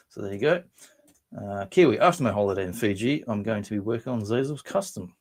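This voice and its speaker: A man's voice: fairly low pitch, expressive, a little fast. A man with an Australian accent chats loosely through a live stream, reading out comments and drifting into jokes at his own expense. His voice sounds slightly worn and strained. He rambles and keeps things light and silly. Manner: rambling, self-mocking, bursts into silly voices. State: voice strained after drinking. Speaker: livestream host. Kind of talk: casual live chat reading viewer comments.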